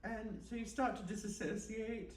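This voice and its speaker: A woman leading an absurd, deadpan guided meditation and chatting with the host at a live bookstore event. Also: fairly high pitch, moderate pace. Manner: deadpan absurdist, rambling with fillers. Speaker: guest performer. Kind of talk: comic improvised guided meditation and chat. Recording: roomy and distant, faint background noise.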